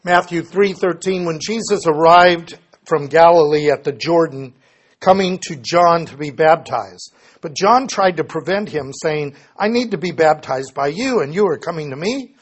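A man's voice: on the high side, lively intonation, normal speed, slightly rough. A man teaching a Bible study lesson, reading scripture passages aloud and explaining them plainly, often correcting himself as he goes.

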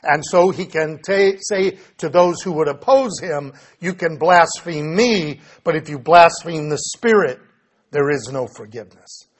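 A man with a slightly raised, husky voice leads a Bible study lesson. He reads scripture passages aloud and then explains them in plain terms, often catching and correcting his own slips. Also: on the high side, unhurried. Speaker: Bible teacher.

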